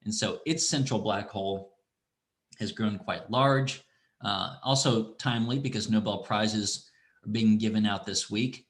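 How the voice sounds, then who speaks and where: A middle-aged man teaching an online astronomy class, talking in a relaxed, rambling way with restarts and asides. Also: on the low side, a little slow. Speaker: university astronomy instructor. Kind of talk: online lecture with screen demo.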